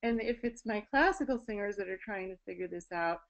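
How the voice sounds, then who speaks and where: A woman's voice: mid-range voice, a little fast, gravelly, poor audio. Woman voice teacher explaining technique. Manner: explanatory, with sung and spoken demonstrations. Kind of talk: online presentation on vocal technique. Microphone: video call.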